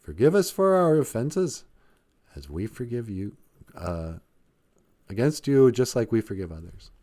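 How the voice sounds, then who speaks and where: A man's voice: medium pitch, sing-song, measured pace, mellow. A man hosting a casual live stream, rambling and jokey, laughing often and trailing into fillers.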